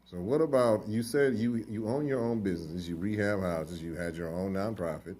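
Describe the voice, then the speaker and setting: Low-voiced man hosting an interview. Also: normal speed, dark tone. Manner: casual, conversational, teasing. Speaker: interview host. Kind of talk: interview questions.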